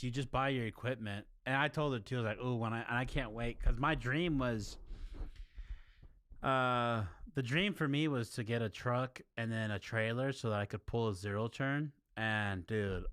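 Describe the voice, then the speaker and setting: A man's voice: on the low side, a bit bright, no room sound, clean studio sound. A young man from chatting casually with his stream viewers, rambling and laid-back, often calling them dude and bro.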